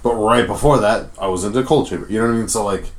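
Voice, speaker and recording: A man's voice: fairly low pitch, very fast. A young man with a Rhode Island accent hosting a casual podcast, talking in a rambling, profane way full of fillers. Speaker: podcast host.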